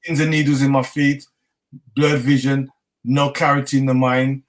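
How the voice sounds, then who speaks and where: A man's voice: medium pitch, moderate pace. A middle-aged man with a London accent, telling his story in a casual interview and acting out the dialogue. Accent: London English. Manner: animated, acts out dialogue, laughs often. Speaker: chef and interview guest.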